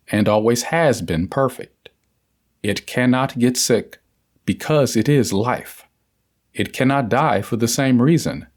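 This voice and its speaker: A man reading a spiritual audiobook aloud in a measured, deliberate manner. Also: medium pitch, a little mellow. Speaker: audiobook narrator. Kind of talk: scripted audiobook narration.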